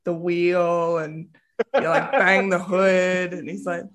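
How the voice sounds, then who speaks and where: A man's voice: sits high, level tone, slow pace, a bit bright. A man playing a tabletop role-playing game, describing his character's actions in casual, jokey table talk. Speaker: player.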